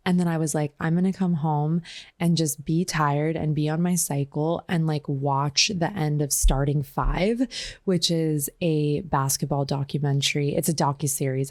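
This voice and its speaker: A woman's voice: low-pitched, darkish tone, no room sound, studio quality. A woman in her thirties hosting a solo podcast, talking casually and confessionally with lots of fillers and laughs. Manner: chatty and confessional, many "like" fillers, laughs often. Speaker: podcast host.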